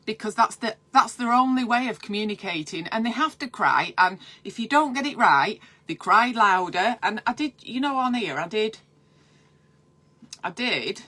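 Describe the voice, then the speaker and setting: A midwife with a bright, forward voice talks casually to her viewers. She sounds chatty and encouraging, as if she is chatting with new parents. Her pitch sits in an ordinary middle range. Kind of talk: casual live-stream advice.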